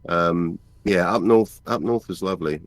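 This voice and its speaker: A man chats on a livestream call. His voice is low and the sound is dry and close. He rambles, leans on fillers, and jokes at his own expense. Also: moderate pace, no echo. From England. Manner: rambling, self-mocking, lots of fillers. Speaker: caller. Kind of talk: casual chat.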